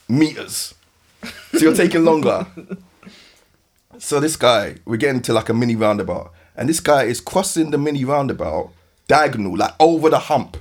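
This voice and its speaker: London guy podcast host, kinda high voice, keeps laughing thru his story. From West London. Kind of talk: casual storytelling chat.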